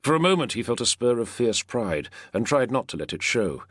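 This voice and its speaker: A man reading a novel aloud as an audiobook narrator, in a measured, expressive way. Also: mid-range voice, breathy edge, no room sound, studio quality. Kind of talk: scripted narration.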